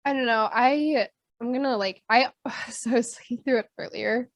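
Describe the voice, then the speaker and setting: Rambling higher-voiced woman podcaster. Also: fairly even intonation, normal speed, dry recording. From Sioux Falls area. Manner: rambling, lots of likes. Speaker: co-host. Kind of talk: casual chat.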